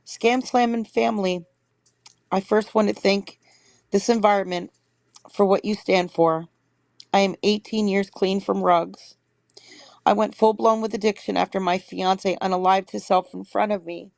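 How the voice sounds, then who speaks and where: A woman's voice: mid-range voice, steady tone, measured pace, creaky, long pauses, a little mellow, no room sound. Woman reading viewer stories aloud. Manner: reads steadily, stops to correct herself. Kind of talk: reading messages aloud on a livestream.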